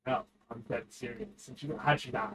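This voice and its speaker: A man's voice: medium pitch, steady tone, brisk, fairly bright tone, a little hiss or hum, poor audio. A young man chatting casually while gaming, telling stories in a laid-back way, swearing and giggling.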